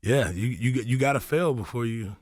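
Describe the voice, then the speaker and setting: A man's voice: normal speed, dry recording. A young man, a comedian guest, talking casually in a radio interview and telling stories with quoted voices. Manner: laid-back, storytelling, acts out quotes with rising pitch.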